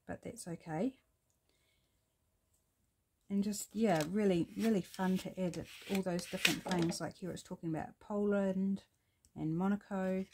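A middle-aged woman with a New Zealand accent and a low, darkish voice works on a collage at her home craft desk. As a craft vlogger, she rambles chattily, thinking out loud and saying "um" often.

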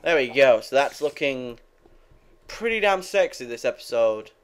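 This young man makes gaming videos, and his mid-range voice is smooth and expressive at a normal speed. He keeps up loose, rambling commentary during play, cursing often and addressing his audience.

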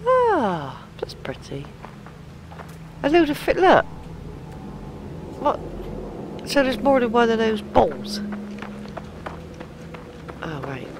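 An excitable woman narrates her gameplay, muttering and cursing to herself as she goes. Her voice swoops wildly between low grumbles and high squeals, and she talks slowly and drawn out. A steady noise sits behind her on this home game capture. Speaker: let's play gamer. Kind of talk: gameplay commentary.

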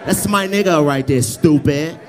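A male stand-up comedian roasting the audience with loud, brash crowd work, often yelling and cursing. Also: a little high, normal speed. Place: live comedy club ballroom. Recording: live club with crowd noise.

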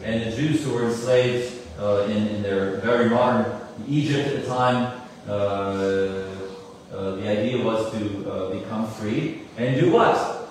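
A man in his forties who tells a story to an audience, animated, with many fillers and asides. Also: on the low side, a little slow. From United States. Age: 40s. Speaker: musician giving a talk. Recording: echoey hall, mic at a distance, faint room noise.

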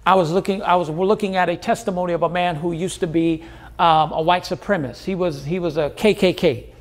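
A man's voice: high voice, fairly even intonation, fairly quick. A man preaching a sermon as pastor, driving points home with repeated phrases and questions to the congregation.

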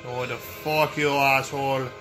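A man hosting a let's play, giving excitable, profane gameplay commentary that turns to yelling when he panics. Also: medium pitch, unhurried, over music.

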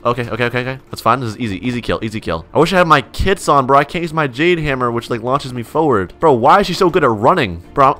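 Excitable young man commentating gameplay. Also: mid-range voice. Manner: excitable, reacts loudly, reads chat aloud. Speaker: gaming YouTuber.

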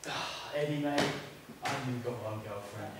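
A young woman playing a rough, working-class teenage boy who talks bluntly and goes halting when shy, in a school stage play. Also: a bass voice. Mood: teasing. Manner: blunt slang, halting when lost for words. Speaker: student actor. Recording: echoey hall, distant mic, noisy.

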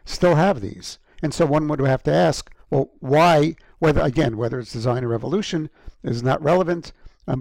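A man delivers a university lecture into a close microphone, his slightly raised voice carrying a gravelly edge. He talks haltingly, with frequent ums and restarts, and keeps clearing an irritated throat. The sound is dry. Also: a little high, darkish tone, no echo.

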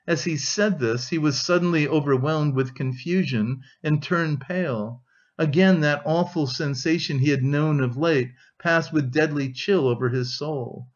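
A man narrating an audiobook of a classic novel in steady, even scripted storytelling. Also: fairly high pitch, measured pace, highs cut off.

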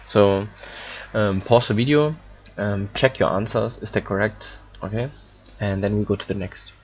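A man teaching a German lesson in English, halting and full of fillers as he explains pronunciation. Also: on the low side, fairly even intonation, a little hiss or hum. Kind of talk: online language lesson. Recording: dull lo-fi recording.

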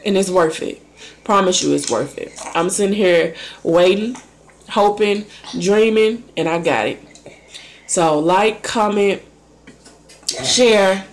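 A young woman vlogger casually telling a personal story to camera, acting out her own thoughts with lively shifts in voice. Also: medium pitch, takes it slowly, long pauses. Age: young adult.

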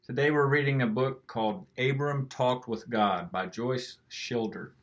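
Slow, gentle man reading a children's story. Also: medium pitch. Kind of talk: reading a picture book aloud to children.

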